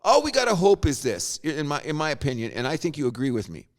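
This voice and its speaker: This is a man hosting a laid-back sports podcast who spins jokey stories as he talks. His voice sits high and leaps all over the place. There is a gravelly rasp under it. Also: fast. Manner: animated, jokey storyteller. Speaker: podcast host. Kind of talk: casual sports chat.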